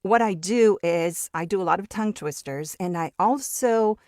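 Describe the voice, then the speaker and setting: A woman's voice: medium pitch, normal speed, darkish tone, no room sound, studio quality. A Mexican-raised woman whose first language is Spanish, chatting as a guest voice actor in an interview, with lots of restarts and repeated words. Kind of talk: casual interview chat.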